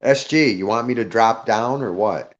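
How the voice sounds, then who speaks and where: A man's voice: mid-range voice, normal speed, dull audio. A man speaking as a guest on a live audio panel in casual chat, rambling, greeting listeners by name and checking he caused no offence.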